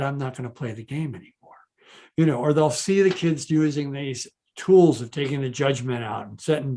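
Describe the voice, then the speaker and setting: A man, a child behaviorist, telling stories in an interview over a video call, with many restarts. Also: mid-range voice. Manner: animated, many restarts, quotes others in his own voice. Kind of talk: conversational interview storytelling.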